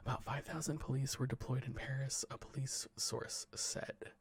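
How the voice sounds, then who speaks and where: A man softly reading the news into a close mic in a whispered, ASMR way, stumbling over words and breaking off for dry, jokey asides. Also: medium pitch, fairly even intonation, normal speed, creaky, dry recording.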